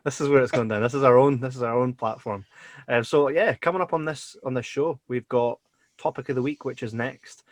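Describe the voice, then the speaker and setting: A man's voice: mid-range voice, brisk, no room sound. A Scottish man co-hosting a podcast, chatting casually and jokily, swearing freely. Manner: swears freely, lively and jokey. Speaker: podcast co-host.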